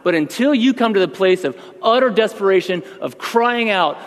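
A man's voice: high voice, expressive, brisk, few pauses, long reverb tail. A man pastor giving a sermon, talking conversationally and then building to emphatic outbursts.

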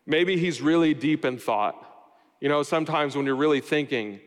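A man's voice: fairly high pitch, moderate pace. A man preaching a sermon, explaining a scripture passage verse by verse and adding wry everyday asides. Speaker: pastor. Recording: long hall reverb.

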